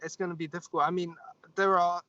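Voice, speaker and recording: A young man from the UK in his twenties, speaking as an interview guest in a relaxed way with lots of "like"s. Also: sits high, quick pace, lo-fi sound. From United Kingdom. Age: 20s. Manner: relaxed, rambling with many "like"s. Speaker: guest fighter. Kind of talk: casual interview chat.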